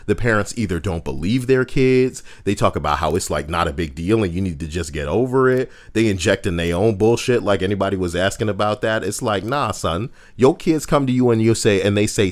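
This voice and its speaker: A man co-hosting a podcast, ranting in a profane, heated, animated way. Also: lowish voice. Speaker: podcast co-host. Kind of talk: casual ranting commentary.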